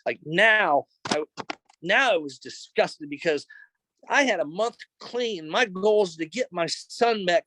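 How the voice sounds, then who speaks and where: A man's voice: sits high, fairly bright tone, dry recording, low-quality recording. A middle-aged man sharing a personal testimony in his office, earnest and emotional, retelling events in a conversational way. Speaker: speaker sharing a recovery testimony.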